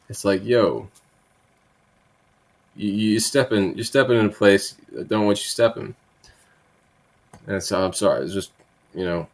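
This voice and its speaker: Here a lowish-voiced man hosts political commentary, reading a bill's text and then mocking it with blunt profanity and sarcasm. He often ends points with "right?" and drops in conversational asides.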